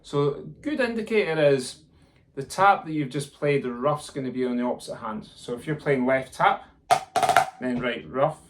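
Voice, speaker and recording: This is a snare drum lesson from a male tutor who counts aloud and sings out the rhythms at a normal speed in a medium-pitched voice. Faint music sits behind him, the snare can be heard playing, and the recording carries loud background noise.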